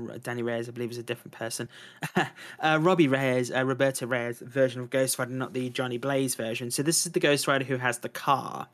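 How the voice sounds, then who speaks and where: Excited male co-host who rambles and trips over his own corrections. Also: mid-range voice. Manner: enthusiastic, rambling, self-correcting. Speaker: podcast co-host. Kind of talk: casual chat about video games.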